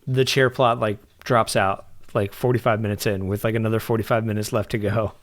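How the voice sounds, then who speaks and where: A man co-hosting a podcast in casual film chat, animated, telling scenes with lots of back-and-forth. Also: on the low side, a little fast. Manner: animated, acts out lines in a raised voice. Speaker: podcast co-host.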